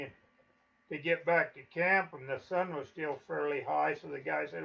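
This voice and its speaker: A man's voice: on the high side, animated, moderate pace, creaky, dull audio. An older man telling stories from his life in a folksy, chuckling way. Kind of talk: casual spoken reminiscence.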